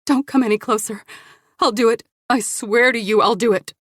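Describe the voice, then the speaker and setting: A woman's voice: fairly high pitch, steady tone, normal speed, no room sound, studio quality, voice pushed up, lightly acted. Woman reading a terrified gun-holding woman. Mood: desperate. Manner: pleading, voice cracking.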